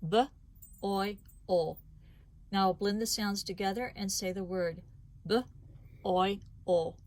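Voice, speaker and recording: A woman teacher leading a phonics lesson for children, sounding out words slowly and deliberately, sound by sound. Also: medium pitch. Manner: slow, deliberate sound-by-sound enunciation.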